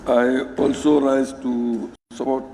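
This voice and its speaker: Mp, slow and formal, mellow low-key tone, hall reverb. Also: male voice, flat delivery, slight background noise. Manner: measured, formal. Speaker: member of parliament. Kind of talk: parliamentary speech. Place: parliament chamber.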